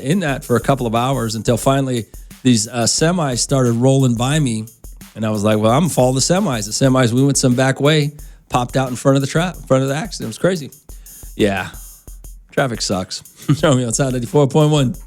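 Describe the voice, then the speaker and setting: A man's voice: medium pitch, fairly quick, darkish tone, soft background music. A male radio morning show host talking casually in a studio, telling loose, rambling stories straight to his listeners. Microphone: studio microphone.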